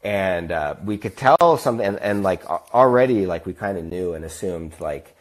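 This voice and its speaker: A man's voice: deep voice, lively intonation, moderate pace. A young American man casually telling a rambling travel story, acting out the people he quotes. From United States. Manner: rambling, acts out quotes in other voices. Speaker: podcast host.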